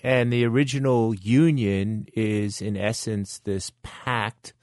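A man co-hosting a history talk, asking quick, playful questions and leading into breaks. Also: fairly low pitch, fairly even intonation, darkish tone, dry recording, clean studio sound. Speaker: history podcast co-host. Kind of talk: casual history discussion.

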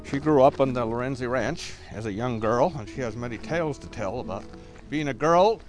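An older man, an author and guide, telling local history and reading aloud from his book with many hesitant pauses. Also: mid-range voice, soft background music.

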